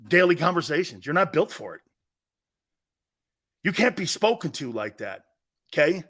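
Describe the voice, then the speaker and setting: Animated, emphatic male sports talk host. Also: fairly high pitch. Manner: emphatic, combative, repeats himself for emphasis. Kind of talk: opinionated sports talk rant.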